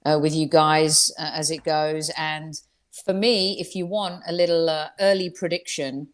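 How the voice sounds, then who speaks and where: A woman's voice: deep voice, flat delivery, unhurried. A woman giving football predictions as a guest on a video call, thoughtful and hesitant with fillers. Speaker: guest pundit. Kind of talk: casual football chat.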